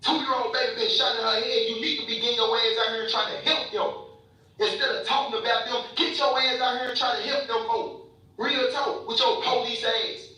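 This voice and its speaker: A man's voice: very high-pitched, steady tone, a little fast, sharp tone, very echoey, recorded from a distance, soft background music, low-quality recording. A young man angrily ranting in a live video, profane and repetitive, calling people bro and man. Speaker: social media commenter. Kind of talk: angry live video rant.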